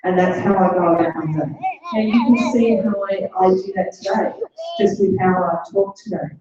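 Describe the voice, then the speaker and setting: A woman's voice: mid-range voice, moderate pace, very echoey, distant mic, highs cut off, a crowd in the background. A middle-aged woman giving an earnest motivational talk, repeating phrases for emphasis. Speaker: guest speaker.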